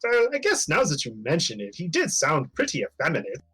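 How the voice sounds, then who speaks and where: A man running a tabletop game as game master, narrating in a lively, playful way. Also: a little high, brisk, husky, faint music behind, poor audio.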